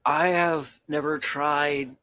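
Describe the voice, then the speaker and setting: A soft-spoken man chatting casually in podcast banter. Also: fairly high pitch, steady tone, slow pace, no room sound, rough recording.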